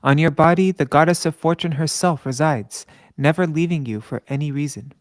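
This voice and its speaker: Man reading scripture in a smooth voice. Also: fairly high pitch, no room sound. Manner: chants verses slowly, stumbles and corrects himself aloud. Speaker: scripture reader. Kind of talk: reading scripture aloud with commentary.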